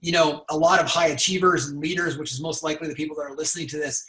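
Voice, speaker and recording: A man hosting a motivational conversation, talking in an energetic coaching tone. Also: on the high side, racing, reverberant, rough recording. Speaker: podcast host.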